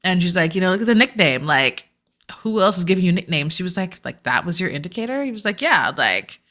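A woman's voice: lowish voice, brisk. A woman co-hosting a podcast who recaps a reality show in casual chat, ranting and acting out what people said. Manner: animated, acts out quotes, rants. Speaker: podcast co-host.

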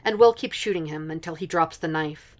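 A woman reading a piece of fan fiction aloud as audiobook narration, in a steady, even storytelling manner. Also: deep voice, a little fast.

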